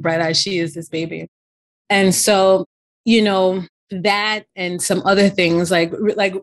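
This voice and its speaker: Middle-aged woman, low-pitched, chatty storytelling, frequent asides. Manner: chatty, frequent "you know" and "right?" asides. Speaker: podcast co-host. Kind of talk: casual storytelling.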